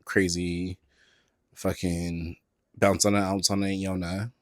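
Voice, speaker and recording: A man hosting a casual solo podcast from the Bay Area, talking in a sassy, animated way with plenty of slang and swearing. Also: sits low, slow, dry recording, clean studio sound. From San Francisco Bay Area. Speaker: podcast host. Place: indoors at a table, on camera.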